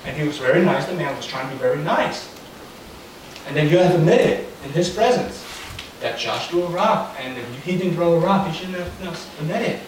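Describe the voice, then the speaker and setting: A man's voice: fairly high pitch, expressive, fairly quick. A young man preaching in a casual, storytelling way, chatty with many fillers. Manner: chatty, anecdotal, lots of fillers. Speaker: pastor. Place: church hall. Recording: very echoey room, far from the mic, faint noise.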